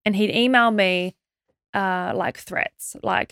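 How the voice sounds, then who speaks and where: A young woman telling a stressful story as a podcast guest, in a quick, animated way with many fillers and restarts. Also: mid-range voice, gravelly, clean tone, dry recording, studio quality. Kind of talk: casual storytelling interview.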